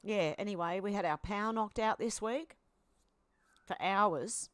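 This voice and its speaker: An Australian woman hosting a chatty live stream, reading out posts and viewer comments. She talks at a mid pitch and adds quick asides between items. The sound is dry and close, with little room. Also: dry recording. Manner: chatty, reacts aloud, with asides and fillers.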